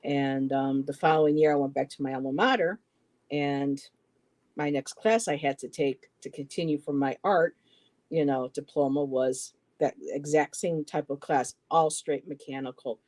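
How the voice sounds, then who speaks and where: A woman in her fifties, co-hosting a live poetry stream, telling a personal story casually, halting often with "you know" and restarts. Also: low voice, a little mellow. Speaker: poetry show co-host.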